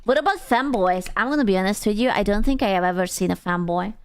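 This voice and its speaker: A woman's voice: medium pitch, fast talker, smooth. A young adult woman streamer chatting casually and crudely with her chat, teasing and playful. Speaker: VTuber streamer.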